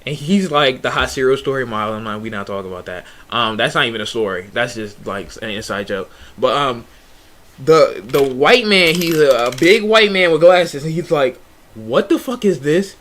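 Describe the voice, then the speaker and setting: A young man streamer telling a story in a casual, animated way, full of slang and restarts. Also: mid-range voice, normal speed, slight background noise.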